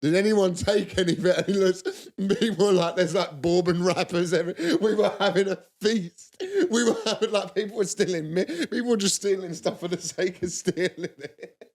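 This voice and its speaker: A young man with a slightly higher voice, spinning loose comic stories on a chat show. He rambles, laughs along with himself, and trails off mid-sentence. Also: moderate pace, a little mellow. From South London. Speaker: co-host. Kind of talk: casual comedic chat.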